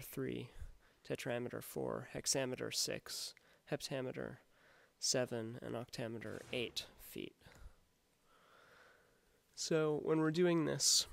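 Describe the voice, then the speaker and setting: A man with a gravelly voice talks through a lesson in a measured, explanatory way. He sounds like he is reading from a prepared script for his class. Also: medium pitch, no echo. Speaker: teacher.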